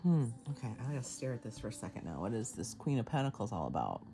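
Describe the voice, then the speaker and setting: A woman giving a casual tarot reading to camera, chatty and excitable, laughing often and swearing casually. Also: very deep voice, fast, noisy background. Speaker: tarot reader.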